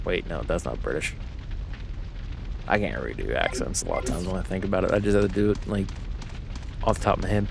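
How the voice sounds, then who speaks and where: Male streamer, rambling livestream commentary, animated voice, faint game music under him. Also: on the low side, vocal fry. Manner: rambling, self-correcting, chatty. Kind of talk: casual gameplay commentary.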